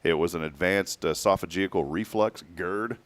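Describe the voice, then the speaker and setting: Brief: man, 40s, lowish voice, dry close sound, animated storyteller who slips into quoted voices. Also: unhurried, no room sound. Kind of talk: casual personal story on a talk show.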